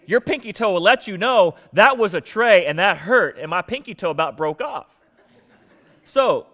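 A man's voice: high voice, a bit bright, long reverb tail. A man preaching a sermon and telling a funny personal story in a conversational, self-mocking way with many fillers. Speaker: pastor.

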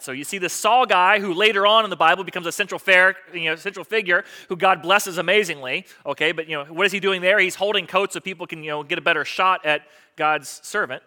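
A male pastor with a high, bright voice, preaching to his congregation. He talks conversationally, dropping to hushed asides and then rising to emphatic points. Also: brisk, hardly any pauses. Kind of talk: sermon.

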